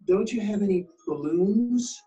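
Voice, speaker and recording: Male reader as storybook mom, fretful and groaning, high lively voice, off-mic. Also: a little slow, distant mic, a little hiss or hum, low-quality recording. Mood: exasperated. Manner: fretful, protesting. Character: worried exasperated mother, adult woman.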